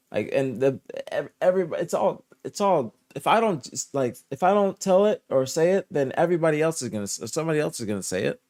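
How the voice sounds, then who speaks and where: A soft-spoken young man chatting casually on a live stream, answering his chat in a laid-back way, dropping to low murmurs and rising to higher protests, often repeating himself. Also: no room sound, studio quality. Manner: drifts between low murmurs and higher indignant outbursts. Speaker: streamer reporting esports news.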